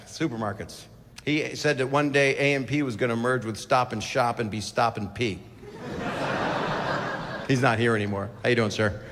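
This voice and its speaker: A man's voice: medium pitch, noisy background. A middle-aged man doing a rambling, crude stand-up routine with constant asides. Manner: crude, digressive, self-interrupting asides. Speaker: stand-up comedian. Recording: reverberant hall with crowd ambience.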